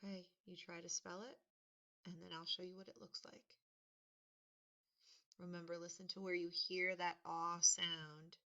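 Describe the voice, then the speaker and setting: Woman teacher, slow patient spelling lesson, gravelly edge, dull lo-fi recording. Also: fairly low pitch, flat delivery. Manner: patient, sounds words out and stresses them loudly.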